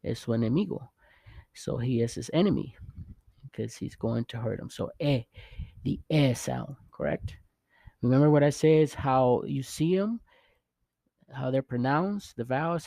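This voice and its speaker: A man teaches in an unhurried, patient way, repeating each sound and gently encouraging the learner. His voice has a gravelly, mellow edge. The recording is dry and close, with no room around it. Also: mid-range voice, dry recording. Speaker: Spanish teacher. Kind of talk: casual spoken lesson.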